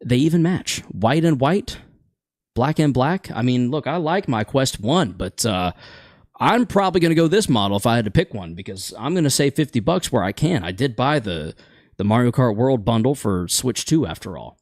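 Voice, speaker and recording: A man's voice: mid-range voice, lively intonation, moderate pace, darkish tone, no echo, studio quality. A man hosting a casual gaming chat show, rambling and opinionated, stumbling over words now and then.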